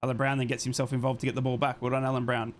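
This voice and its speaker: An excitable young man swears freely as he streams a live football watchalong, calling the action play by play and reading out chat. He talks rapid-fire in a mid-range voice, and there's a little hiss or hum on the recording.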